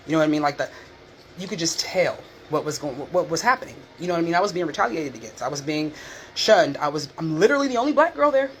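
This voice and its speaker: A woman's voice: low voice, noisy background. A woman from Northern California chatting candidly to her viewers, swearing freely and acting out the people in her stories. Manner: candid, profane, animated retelling with quoted voices. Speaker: vlogger. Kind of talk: casual storytelling chat.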